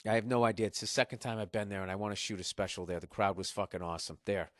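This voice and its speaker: A jet-lagged man from Massachusetts, USA hosts a podcast with a rambling, profane comedic monologue, sarcastic and riffing. His voice is on the low side and racing, recorded clean on a podcast studio mic with no room sound.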